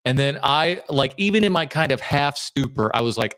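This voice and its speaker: A man's voice: medium pitch, lively intonation, fairly quick, few pauses, a bit bright, dry recording, clean studio sound. A man hosting a podcast in casual chat, reacting to video clips with jokes and rambling stories. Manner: joking, riffing storyteller. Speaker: podcast host.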